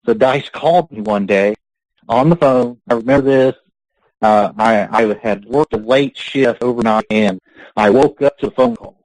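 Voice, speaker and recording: A man's voice: mid-range voice, moderate pace, dry recording, low-quality recording. A man being interviewed on a podcast, telling long rambling stories and laughing between them. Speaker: guest, pro wrestler. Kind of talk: casual podcast interview storytelling.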